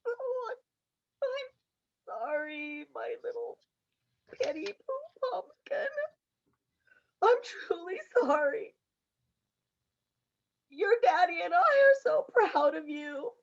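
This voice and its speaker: A woman playing an emotional mother in an amateur radio play, halting and theatrical, recorded on dull lo-fi audio. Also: sits high, fairly bright tone. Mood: tearful. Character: emotional middle-aged mother, fed up with family trips.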